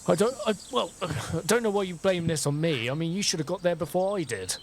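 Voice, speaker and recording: A man's voice: a little high, sing-song, a little slow, slight background noise, pitched above the performer's own voice. A man voicing a flustered male healer adventurer who bickers defensively.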